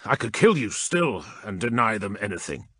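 Bitter warrior captain, read by a man; gruff, low, animated, dry sound. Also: normal speed, no echo, full character voice. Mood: bitter, angry. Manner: gruff, clipped, flaring into shouts. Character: embittered male warrior captain, proud and angry. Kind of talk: audiobook character reading.

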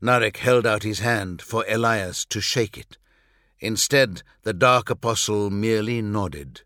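A man narrating fiction in a measured, dramatic way, close to the mic. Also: fairly low pitch, a bit bright, no echo. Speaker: audiobook narrator.

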